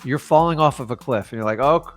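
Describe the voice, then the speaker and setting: Fast-talking blunt male sales coach. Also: mid-range voice, no echo, faint music behind. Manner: blunt, animated, pep-talk delivery. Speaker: real estate wholesaling coach and host. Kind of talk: casual coaching talk.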